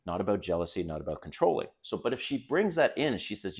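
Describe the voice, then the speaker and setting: A man's voice: on the low side, very animated, fast, breathy edge. A middle-aged man hosting a dating advice video, talking bluntly and casually to camera, swearing now and then and calling his viewers guys.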